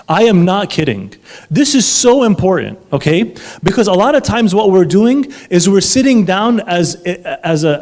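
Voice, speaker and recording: Man, counselor giving a talk, animated delivery, fairly high voice, keeps checking in with listeners. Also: noisy background. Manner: animated, emphatic, asks the audience for agreement. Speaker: marriage counselor. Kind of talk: live talk to an audience.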